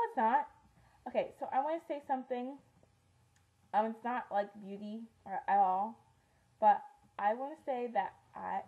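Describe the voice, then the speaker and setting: Teen girl, beauty vlogger, casual rambling chat, mid-pitched voice, tinny lo-fi sound. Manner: chatty, rambling with many ums and likes. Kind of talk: casual monthly favorites vlog.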